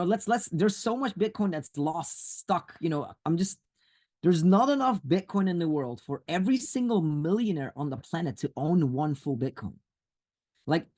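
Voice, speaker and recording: A husky, slightly high-pitched man speaks over a video call. He presses his points hard and comes back to the same warnings again and again, like a motivational speaker on a group webinar. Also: a little mellow. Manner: insistent and emphatic, repeats warnings. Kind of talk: urgent motivational talk.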